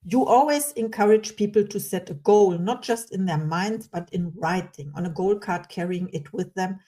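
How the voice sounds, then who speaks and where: Casting: female interview host, mellow tone, quick light laughs through her speech. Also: medium pitch. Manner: warm, laughs often while talking.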